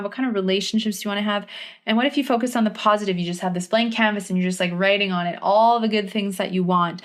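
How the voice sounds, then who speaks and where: A young adult woman hosting a solo self-care podcast, speaking earnestly and encouragingly and repeating phrases for emphasis. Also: medium pitch. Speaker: podcast host and health coach.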